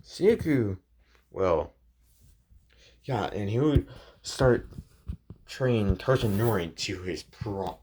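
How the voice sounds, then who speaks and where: Slow, low-voiced rambling storyteller man. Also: animated, darkish tone, slightly rough. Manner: hesitant, many fillers and restarts. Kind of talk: rambling fan-story narration. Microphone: phone screen recording.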